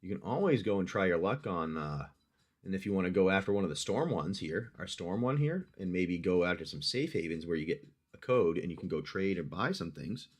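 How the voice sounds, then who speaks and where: A man's voice: low-pitched, animated, fairly quick, slightly rough. A man hosting a livestream, narrating a dice-rolled adventure game for a player he calls his friend and reacting to each roll. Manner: chatty, addresses the player as "my friend"; talks through dice rolls, reacts loudly to hits.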